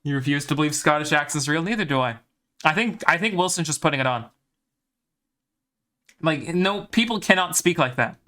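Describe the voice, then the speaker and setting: Bright, high-voiced man with a light Irish accent. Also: lively intonation, normal speed, pauses often. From Ireland. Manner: joking, chatty, bragging. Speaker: game commentator and streamer. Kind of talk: live game commentary and chat with viewers.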